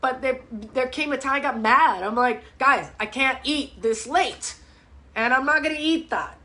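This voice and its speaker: A middle-aged woman fitness coach chatting on a live stream, blunt and animated, cursing freely. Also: high voice, measured pace. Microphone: phone or webcam mic.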